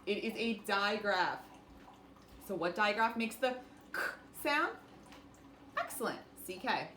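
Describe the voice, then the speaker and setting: A woman teaching a phonics lesson to young children, speaking slowly and clearly and encouraging them. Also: mid-range voice, animated, bright, forceful tone. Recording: echoey room with faint noise.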